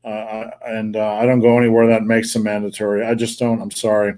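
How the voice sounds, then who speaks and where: A middle-aged man with a faint Wisconsin accent hosts a live podcast over a remote call, answering viewer questions in a blunt, profane, jokey way. His voice is lowish and a little mellow, delivered in a fairly quick monotone.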